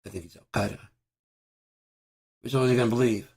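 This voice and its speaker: A man vlogging at home in a profane, rambling monologue. His voice is raspy and hoarse from screaming. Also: medium pitch, steady tone, a little fast. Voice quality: raspy, gravelly. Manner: profane, ranting, with bursts of loud shouting.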